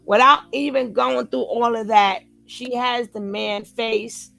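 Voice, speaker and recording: A woman's voice: on the high side, takes it slowly, vocal fry. A woman giving casual live reaction commentary, reading the chat and acting out quoted lines with lots of repetition. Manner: animated, repeats quoted lines in different voices; talks back to a live chat.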